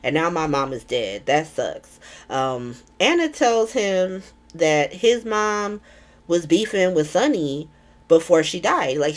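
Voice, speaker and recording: A chatty woman hosting a casual recap vlog in an irreverent, swearing-prone way. Her voice is lowish for a woman and very animated, full of rises and falls. She peppers her talk with ums. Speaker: soap opera recap vlogger.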